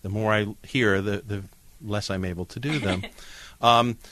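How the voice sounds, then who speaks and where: A man's voice: lowish voice, moderate pace, fairly bright tone. An American man interviewing a guest for radio, asking playful, teasing questions. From United States. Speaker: interviewer, theatre editor.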